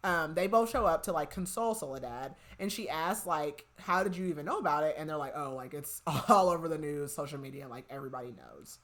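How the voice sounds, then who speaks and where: This young podcast host has a deep, slightly bright voice and talks animatedly and fairly quickly, with hardly any pauses. She breezily recaps a book's plot, sprinkling in "like" all the time and acting out scenes with quoted dialogue.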